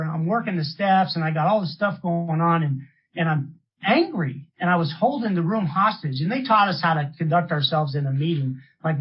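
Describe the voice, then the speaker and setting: A middle-aged man from San Francisco speaks at a recovery meeting, his voice husky and a little breathy. He talks loose and street-casual, restarting sentences and tossing in "man" at the end of lines. The recording sounds muffled and lo-fi. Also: on the high side. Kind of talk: recovery share talk.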